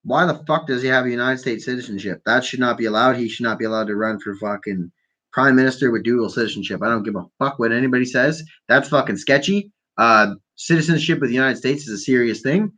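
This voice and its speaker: A man's voice: medium pitch, fast, pushed and bright. A man hosting a live call-in show from Canada, stoned and ranting about politics in a profane, rambling, mocking way. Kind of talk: casual stoned political rant.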